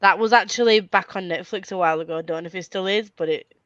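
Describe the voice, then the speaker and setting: A woman's voice: on the low side, quick pace, fairly bright tone, no room sound, highs cut off. A young woman hosting a casual reading-sprint chat, laughing a lot and swearing now and then. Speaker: host.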